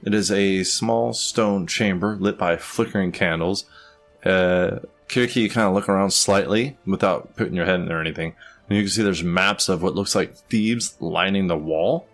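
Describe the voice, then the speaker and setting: A man's voice: low voice, normal speed, soft background music. A man narrating as game master in a tabletop game, describing scenes casually with many fillers.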